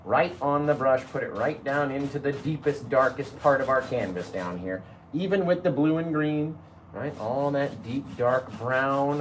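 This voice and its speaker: A man hosting a live painting tutorial, chatty, laughing easily and often checking in with a quick "right?". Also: medium pitch, echoey room, slight background noise. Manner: chatty, keeps asking "right?"; laughs easily while talking. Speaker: painting instructor.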